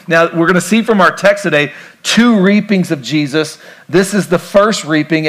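A pastor who grew up on a farm preaches a sermon conversationally, asking the congregation questions and joking between points. His voice is fairly high-pitched and a bit bright.

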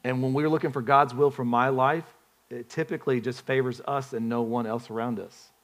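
A man's voice: mid-range voice, fairly even intonation, brisk. A man preaching a sermon in a conversational way, often putting questions to the congregation and restarting his phrases. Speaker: pastor.

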